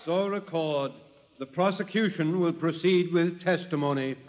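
An actor playing a stern, formal judge pronouncing sentence in an old radio drama. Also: male voice, fairly high pitch, unhurried, natural voice. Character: stern male trial judge. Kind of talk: 1950s radio drama acting. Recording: dull recording with long reverb.

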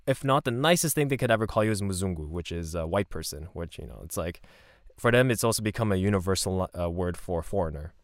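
Relaxed low-voiced man telling stories. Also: brisk, no echo, studio quality. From Canada. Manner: relaxed, rambling, laughs often. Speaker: podcast host. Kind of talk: casual solo podcast storytelling.

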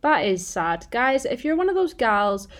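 A woman's voice: on the high side, very animated, unhurried. A woman in her twenties, a podcast co-host, telling stories in casual chat and acting out what people said. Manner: chatty storytelling, acts out quotes.

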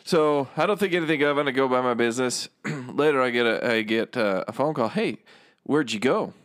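A man in the middle pitch range speaking into a dry, close mic with no room sound. He co-hosts a casual podcast, stays laid-back and agreeable, and tells stories at an easy pace. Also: brisk, a bit bright, no echo. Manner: laid-back, agreeable, lots of short backchannel replies. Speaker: podcast co-host. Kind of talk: casual chat.

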